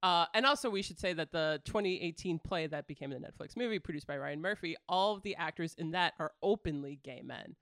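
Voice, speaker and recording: A podcast co-host chatting casually about films, with lots of "like" and "kinda" and some gentle teasing. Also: medium pitch, brisk, few pauses, dry recording, clean studio sound. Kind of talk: casual film discussion.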